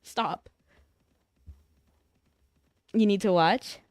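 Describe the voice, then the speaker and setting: A woman's voice: mid-range voice, extremely slow, a little mellow, dry recording. A young woman chatting casually on a livestream, playful and teasing as she banters with her chat.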